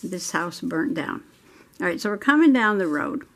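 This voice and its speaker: A woman's voice: fairly low pitch, sing-song, normal speed. A middle-aged woman hosting a journaling video, telling a chatty story while she colors, laughing often. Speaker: journaling channel host. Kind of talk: casual crafting chat while coloring.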